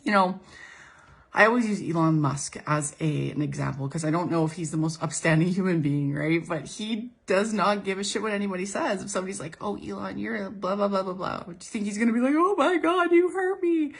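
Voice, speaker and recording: An earnest woman spiritual coach talks casually to her viewers, circling back on her points and acting out little inner dialogues. Her voice sits a bit low, with plenty of vocal fry and a husky edge. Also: brisk. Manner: earnest, repeats herself, quotes imagined speech. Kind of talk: casual motivational monologue.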